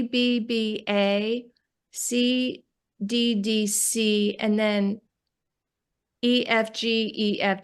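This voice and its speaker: Halting New York woman poet. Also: fairly high pitch, clean tone. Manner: halting, searching for words with many restarts. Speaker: poet discussing her new book. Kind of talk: casual conversational interview.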